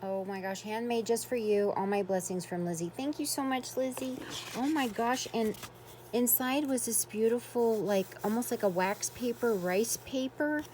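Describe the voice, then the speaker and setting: A woman's voice: fairly high pitch, normal speed, a little mellow, a little hiss or hum. A woman vlogging as she unboxes a craft swap, gushing with effusive exclamations in casual chat.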